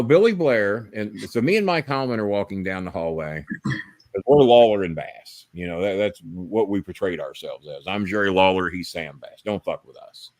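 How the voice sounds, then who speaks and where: This podcast host has a voice on the low side, captured dry. On his live stream he spins long, rambling, profane stories, animated and casual throughout.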